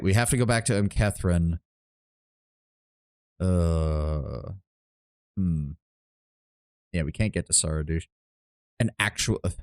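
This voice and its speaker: A man giving casual, rambling live commentary while streaming a game, thinking aloud and swearing freely. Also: sits low.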